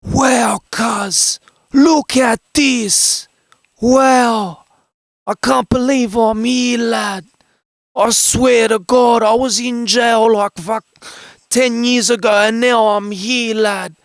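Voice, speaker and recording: A man impersonating a loud, awestruck Western Sydney lad. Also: very high-pitched, steady tone, no room sound, clean studio sound, pitched above the performer's own voice, heavily acted. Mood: amazed. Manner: shouting, awestruck, drawn-out exclamations.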